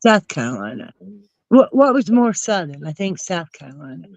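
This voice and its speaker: A woman's voice: lowish voice, normal speed, no room sound, low-quality recording. Woman, New Jersey accent, stuffy with a cold, rambling gossip, dry close sound. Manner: rambling, animated storytelling with asides. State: has a cold. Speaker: chat participant. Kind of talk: casual gossip chat.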